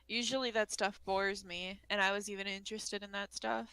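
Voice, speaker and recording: A woman's voice: medium pitch, little pitch movement, brisk, pushed and bright, clear, resonant tone, low-quality recording. A woman co-hosting a casual anime review chat, earnest and enthusiastic about the show. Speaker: co-host.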